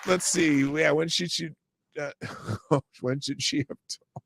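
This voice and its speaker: A middle-aged man hosting a live-stream news commentary show, reading stories and chat with sarcasm and breaking into shouted rants. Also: fairly high pitch, takes it slowly, slightly rough, no echo, studio quality.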